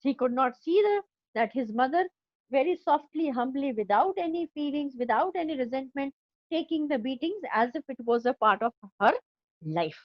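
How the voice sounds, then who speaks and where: A woman's voice: high-pitched, lively intonation, moderate pace, dry recording, lo-fi sound. A woman teaching an English class, explaining a story line by line with an Indian English accent and checking often that her students have understood.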